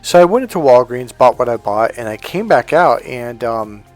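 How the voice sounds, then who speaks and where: A man working as a life coach, telling a personal story in a loose, animated way, swearing freely and often breaking off mid-sentence. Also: mid-range voice, moderate pace, faint music behind. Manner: animated, profane, self-interrupting. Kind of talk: casual storytelling monologue.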